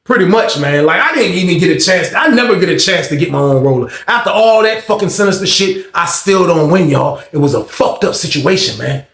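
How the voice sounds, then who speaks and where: A man telling a story casually and animatedly, jumping up in pitch to act out other voices. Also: fairly quick, vocal fry, few pauses. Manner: animated, acting out voices with big pitch jumps. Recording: echoey room.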